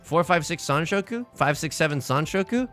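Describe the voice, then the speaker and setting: A young man chats through a live game stream at a home desk mic, joking and mocking himself with theatrical flair. His voice is bright and forceful and swings widely in pitch. Soft music plays faintly behind him. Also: animated, normal speed. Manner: jokey, theatrical and self-mocking.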